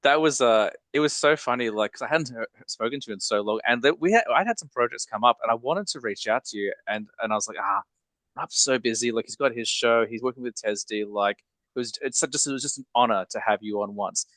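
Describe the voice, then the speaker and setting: A man's voice: medium pitch, lively intonation, fast, fairly bright tone, dry recording, poor audio. A man hosting a podcast, chatting in an upbeat, casual way with frequent ums and uhs. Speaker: podcast host.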